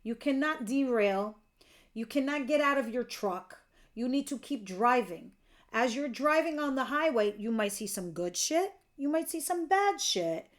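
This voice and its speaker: A woman's voice: sits high, expressive, unhurried. A woman giving a casual tarot reading, chatty and candid, who laughs easily and swears now and then. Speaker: tarot reader.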